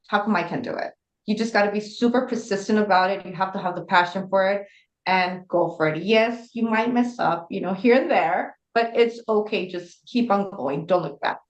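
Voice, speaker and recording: A woman panelist speaking in an upbeat, motivational manner. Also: mid-range voice. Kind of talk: panel discussion. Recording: dull echoey room.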